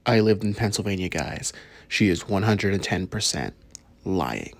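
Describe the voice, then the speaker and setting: A man's voice: low voice, animated, moderate pace, gravelly. A man hosting a reaction video, bluntly scolding the person in the clip and speaking directly to his viewers. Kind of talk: commentary on a clip.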